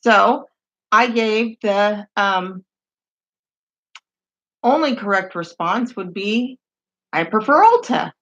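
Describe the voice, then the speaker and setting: Deadpan woman reading messages aloud, lo-fi. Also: medium pitch, takes it slowly, pauses often. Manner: deadpan, wry, laughs at the messages. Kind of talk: comedic reading of dating-site messages. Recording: dull lo-fi sound.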